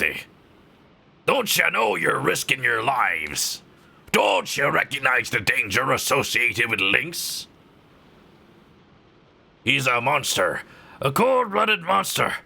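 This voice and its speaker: A man doing a gravelly old pirate captain. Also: mid-range voice, sing-song, sharp tone, full character voice. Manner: slow, grave warnings. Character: gruff older male pirate captain. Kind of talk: reading game dialogue aloud.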